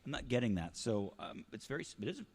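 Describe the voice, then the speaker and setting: A man's voice: on the low side, fast talker, husky. A man co-hosting a casual podcast, talking at length and filling gaps with um. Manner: chatty, lively, fillers like um. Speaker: podcast co-host. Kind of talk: casual chat.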